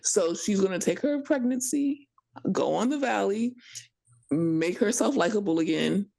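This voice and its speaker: A woman co-hosting a podcast, giving opinionated, quick takes in casual gossip chat and swearing freely. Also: mid-range voice, expressive, creaky, mellow. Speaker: podcast co-host.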